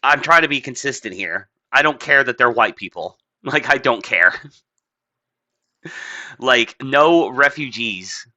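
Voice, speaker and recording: A man's voice: medium pitch, expressive, a little slow, pushed and bright, no room sound. A man hosting a casual podcast, rambling and profane, packing his talk with "like" and laughing often. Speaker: podcast host. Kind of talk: casual opinionated podcast chat.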